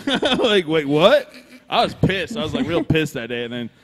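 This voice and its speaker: A man's voice: on the high side, normal speed, slight background noise. A man telling a long, profane story in casual chat, acting out the other people's lines. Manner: profane, animated, acts out dialogue. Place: brewery.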